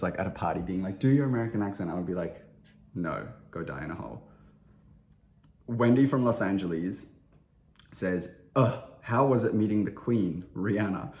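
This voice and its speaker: A low-pitched man chats through fan questions, loose and self-deprecating, with plenty of "like" and "um". He sounds slightly under the weather. The room around him is echoey. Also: darkish tone, slight background noise. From Australia. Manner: chatty, self-deprecating, lots of filler words. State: slightly unwell. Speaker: interviewed musician. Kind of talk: casual interview chat.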